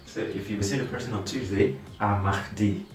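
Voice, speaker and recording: Lowish male teacher in an echoey room. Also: fairly even intonation, recorded from a distance, faint music behind. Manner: slow, patient, repeats words for practice. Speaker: French teacher. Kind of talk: beginner language lesson.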